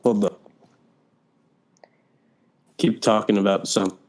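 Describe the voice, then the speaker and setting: A man's voice: fairly low pitch, fairly even intonation, slow, darkish tone. A young man co-hosting a casual podcast through a poor-quality microphone. He talks hesitantly and trails off mid-sentence. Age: young adult. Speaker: podcast co-host. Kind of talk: casual chat.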